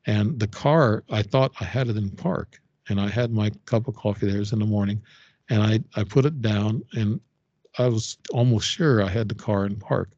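An older man, a podcast guest and author, telling a personal story in a halting, rambling way with many fillers and restarts. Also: lowish voice, darkish tone, dry recording. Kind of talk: casual storytelling interview. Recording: dull, dry lo-fi audio.

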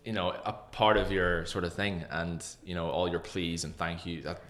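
A young man with a fairly low voice chats as a podcast guest. He tells stories with energy and often slips into other people's voices to act out what they said. The delivery is loose and conversational. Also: moderate pace. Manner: animated storyteller, often acting out other people's lines. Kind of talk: casual podcast chat.

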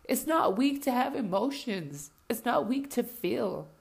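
A woman's voice: fairly high pitch, big pitch swings, a little slow, gravelly, breathy edge. A woman delivering an impassioned spoken rant, blunt and heavily profane, hammering points home by repeating herself.

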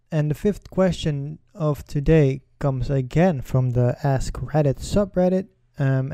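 A man hosting a casual solo talk, rambling with many fillers and pauses in a relaxed delivery. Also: on the high side, no room sound. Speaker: podcast host.

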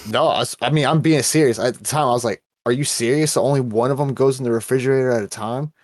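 A man co-hosting a podcast, ranting bluntly and profanely about fast food jobs. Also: mid-range voice, no echo, studio quality. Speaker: podcast co-host. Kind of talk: casual chat.

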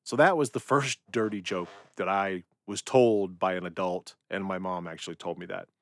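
A middle-aged man speaks in a fairly low voice as he hosts a personal podcast. He tells family stories in an easy, unhurried way, with plenty of ums and uhs. The sound is dry, with no room echo. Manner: relaxed storytelling with frequent fillers. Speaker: podcast host. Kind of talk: personal reflective monologue.

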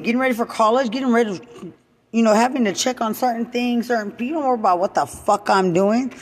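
A woman in an angry unscripted rant, profane and repetitive, swinging from loud outbursts to low muttering. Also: animated, brisk, in a large hall. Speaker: mother venting to camera.

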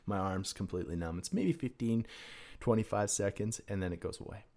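A man, a podcast guest, telling a personal story in a casual, animated, profane way, swinging between hushed and loud. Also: fairly low pitch, brisk.

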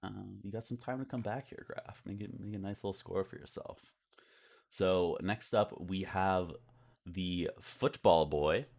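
A man's voice: deep voice, measured pace, gravelly, a little mellow. A man hosting a podcast in loose, rambling casual chat, swearing now and then. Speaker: podcast host.

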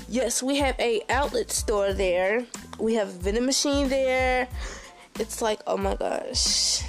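A young woman talks slowly through her news in a fairly high voice. She keeps stopping to restart and exclaims often. Soft music plays faintly behind her. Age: young adult. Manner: repeats "oh my gosh", halting restarts. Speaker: recent high school graduate. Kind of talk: casual personal update.

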